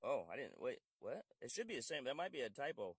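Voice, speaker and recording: A man's voice: medium pitch, very animated, fast talker, husky. A man who is a veteran, retelling his grievances in a recorded phone call with many restarts and quoted back-and-forth. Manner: frustrated storytelling, many restarts and quoted dialogue. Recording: faint quiet voice over phone.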